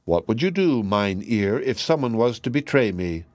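A man's voice: lowish voice, big pitch swings, moderate pace, darkish tone, dry recording. A man voicing a cunning male fox trickster in a raised, teasing voice. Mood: sly.

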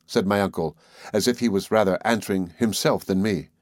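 A man reading a classic novel aloud as audiobook narration, in a measured, even delivery. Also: low-pitched, no room sound, studio quality. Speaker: audiobook reader. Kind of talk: scripted narration.

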